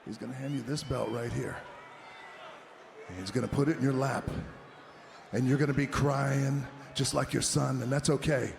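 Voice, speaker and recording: A man cutting a menacing wrestling promo, taunting an opponent and speaking of himself in the third person, swinging from low growls to shouts. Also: fairly even intonation, normal speed, creaky. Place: large arena. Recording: roomy arena sound, faint crowd noise.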